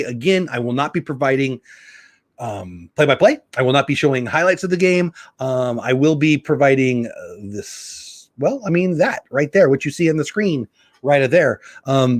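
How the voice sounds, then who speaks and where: A man's voice: mid-range voice, no room sound. Middle-aged male host, casual home livestream, opinionated and rambling, dry close sound. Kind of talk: casual live commentary.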